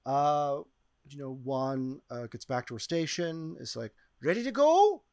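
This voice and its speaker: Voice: medium pitch, a little slow, clear, resonant tone, no echo, clean studio sound. A game master narrating an improvised tabletop game in a rambling, playful way, with lots of fillers.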